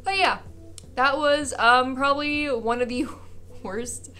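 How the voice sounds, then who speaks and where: A young woman vlogger telling a funny personal story in a casual, animated way, acting out the people she quotes and laughing often. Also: high voice, slow.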